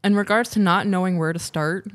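Podcast co-host, woman, lower-pitched, reads letters aloud with animated, stumbling delivery. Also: a little fast. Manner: animated, stumbles over words and laughs while reading. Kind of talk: casual podcast chat, reading listener letters.

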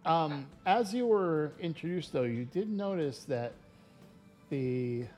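A man narrating as game master, halting and full of fillers. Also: on the high side, animated, a little mellow, soft background music. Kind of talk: narrating and voicing a tabletop game.

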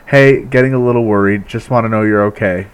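A man's voice: on the low side, fairly even intonation, brisk, clear, resonant tone. A man casually recapping a TV episode, chatty, with frequent laughs and filler words. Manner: chatty, laughs often, many filler likes. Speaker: recap host.

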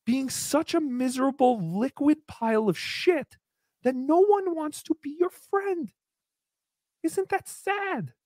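A woman's voice: sits high, slow, dark tone, dry recording, studio quality. A woman hosting a podcast, giving sarcastic, theatrical commentary on a comedy roast. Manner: sarcastic, theatrical, slips into mocking voices. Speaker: podcast host.

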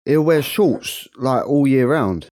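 A man's voice: medium pitch, expressive, takes it slowly, darkish tone, dry recording, clean studio sound. A young man with a London accent co-hosting a podcast in laid-back, jokey banter. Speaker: podcast co-host. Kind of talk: casual banter.

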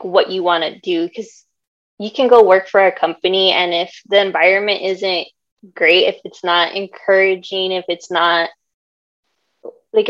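A young woman speaks in a relaxed, reflective way about writing, filling her talk with casual fillers. Her voice sits at a medium pitch, and the audio sounds slightly muffled and lo-fi. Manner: earnest, reflective, many fillers. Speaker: author guest. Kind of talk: casual interview chat.

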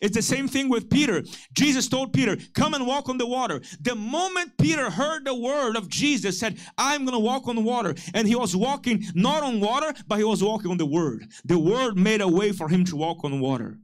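Male pastor, high-pitched, impassioned preacher who acts out quoted voices. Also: animated, normal speed, hardly any pauses. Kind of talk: sermon.

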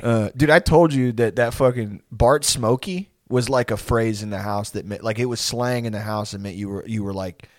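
A man's voice: fairly low pitch, normal speed, few pauses, dry recording, studio quality. A young man chatting casually, telling rambling stories full of swearing, laughing often and putting on voices for the people he quotes. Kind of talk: casual chat.

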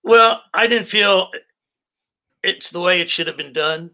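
A man's voice: sits high, measured pace, pushed and bright. An older man, a stand-up comedian, telling profane rambling stories from his career in casual chat. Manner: profane, rambling anecdotes with quoted voices.

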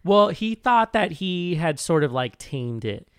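A man's voice: fairly high pitch, very animated, unhurried, a bit bright, smooth, no echo, studio quality. A man co-hosting a casual podcast, explaining a film's references in a hesitant, explanatory way with restarts and fillers. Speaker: podcast co-host. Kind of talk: casual film discussion.

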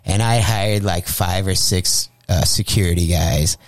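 A man's voice: low-pitched, measured pace, dry recording. Profane storytelling male comedian. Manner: profane, animated, acts out quotes. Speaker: comedian guest. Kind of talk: crude comic storytelling.

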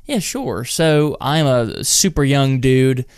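A man's voice: medium pitch, lively intonation, slow, smooth, no room sound, clean studio sound. A man in his twenties with a North Carolina accent, speaking earnestly and upbeat as a podcast guest. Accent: North Carolina Southern US. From North Carolina, USA. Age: 20s. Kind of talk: casual interview talk.

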